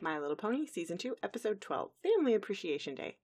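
A woman's voice: mid-range voice, sing-song, fast, loud music behind the voice. A woman co-hosting a podcast, chattily recapping an episode in casual conversation with lots of fillers. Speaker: podcast co-host.

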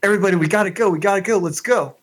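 A man's voice: mid-range voice, steady tone, measured pace, close to an everyday voice. A man playing an earnest young woman squire. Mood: urgent. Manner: earnest, urgent.

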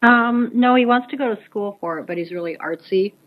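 A woman's voice: medium pitch, brisk. Easygoing woman from south dakota, guest on a podcast, kinda muffled sound. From South Dakota, USA. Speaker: interview guest. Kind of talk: casual interview answers.

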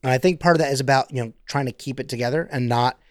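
A man's voice: medium pitch, fast talker, no room sound, studio quality. A man co-hosting a podcast in casual chat, rambling with many fillers and acting out quotes. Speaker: podcast co-host.

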